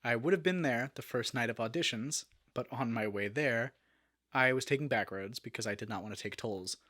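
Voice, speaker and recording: A man's voice: mid-range voice, brisk. Man telling a story with restarts. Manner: animated storyteller, many fillers and restarts. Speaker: guest, actor. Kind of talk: casual interview storytelling.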